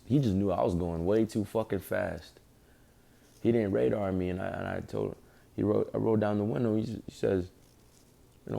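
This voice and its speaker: Gravelly-voiced young man preaching casually. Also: lowish voice, warm tone. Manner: profane street talk with storytelling. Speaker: online preacher. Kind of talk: casual religious teaching with personal story.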